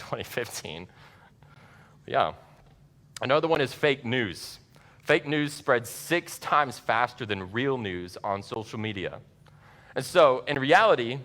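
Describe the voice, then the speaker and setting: A man gives a conversational church seminar talk to parents, lively and chatty with asides. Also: on the low side. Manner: conversational, animated, laughs at his own asides. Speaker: church speaker teaching parents. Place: church sanctuary. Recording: long reverb of a large church hall.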